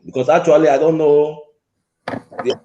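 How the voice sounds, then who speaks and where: Man, caller, insistent, confrontational, somewhat high voice, echoey call-in line. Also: steady tone, moderate pace, warm tone, highs cut off. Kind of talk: heated call-in argument.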